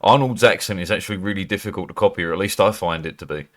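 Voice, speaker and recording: Man from Britain, live streamer, low-ish voice, loose chat with lots of swearing. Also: rapid-fire, fairly bright tone. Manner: swears freely, laughs, loose and chatty. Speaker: livestreamer.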